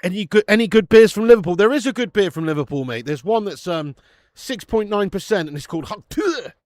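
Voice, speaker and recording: A man's voice: sits high, a little fast, no room sound, clean studio sound. A man hosting a live football watch-along, swearing freely and laughing as he reads out viewer messages.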